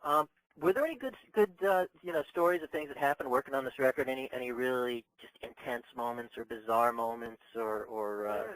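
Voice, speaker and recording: A man's voice: mid-range voice, brisk, a bit bright, no echo, poor audio. A man interviewing a guest, asking questions with hesitant restarts. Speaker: radio interviewer.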